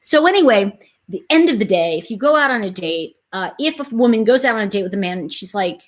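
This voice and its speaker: A middle-aged woman hosting a casual live stream, chatting straight to her viewers in an animated, talkative way. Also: a little high, fast. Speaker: livestream host.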